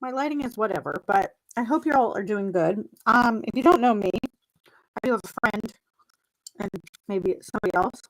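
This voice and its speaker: A middle-aged woman chats to her live-stream audience from a table with her computer, rambling and laughing at herself. She chews gum as she talks into a plug-in desk mic. Her voice sits at an ordinary pitch for a woman. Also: a little fast, rough recording. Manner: chewing gum while talking. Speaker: mindset coach hosting a live stream. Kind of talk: casual live-stream chat.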